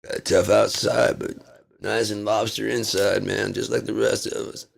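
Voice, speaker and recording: A man delivering a rambling comedic monologue in laid-back rocker slang, drawling and swinging from loud bursts to mumbles. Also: fairly low pitch, flat delivery, normal speed, vocal fry.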